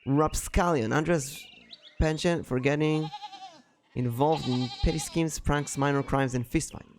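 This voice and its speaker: Guy streaming a game, rambly, laughs a lot, corrects himself, slightly high voice. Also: fairly even intonation, a little slow, darkish tone, a little hiss or hum. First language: Danish. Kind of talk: casual let's-play commentary.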